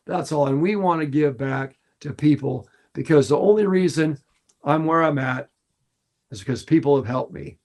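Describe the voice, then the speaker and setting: A middle-aged man, a fishing guide, talking earnestly and warmly on a podcast, repeating phrases for emphasis. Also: fairly high pitch, animated, normal speed. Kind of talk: casual podcast talk.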